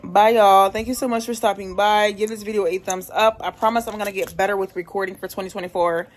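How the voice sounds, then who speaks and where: A woman's voice: medium pitch, fairly even intonation, fast talker. A young woman, a single mom working from home, chatting candidly to her phone camera in a casual vlog, swearing now and then. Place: at home, laundry room and house.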